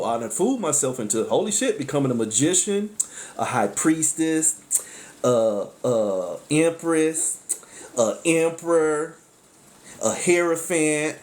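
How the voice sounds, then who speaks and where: A man giving a casual spiritual tarot talk. He speaks bluntly with profanity, breaks in with frequent exclamations, and jumps between sharp high outbursts and low asides. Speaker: tarot reader.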